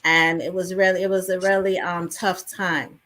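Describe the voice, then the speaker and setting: A woman's voice: on the low side, normal speed. Chatty woman telling her story. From England. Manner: animated storytelling with many fillers. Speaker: actress guest. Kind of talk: interview conversation.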